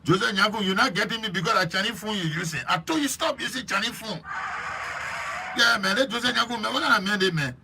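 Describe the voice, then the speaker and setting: A man with a Liberian English accent hosting a live stream, chatting lively and preachy while teasing viewers by name. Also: high-pitched, fast talker, creaky, slight background noise. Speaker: host.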